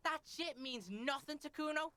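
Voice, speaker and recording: A man's voice: extremely high pitch, moderate pace, pushed and bright, slight background noise, voice pushed up. A man voicing a foul-mouthed, boastful young boy from a video game who swears constantly and talks about himself in the third person. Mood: brash. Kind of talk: reading video game dialogue aloud.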